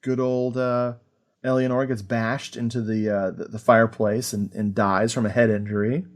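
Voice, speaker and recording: A man hosting a podcast, chatting casually about an old film, animated and full of fillers and laughter. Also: medium pitch, normal speed. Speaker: podcast host. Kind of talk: casual film review chat.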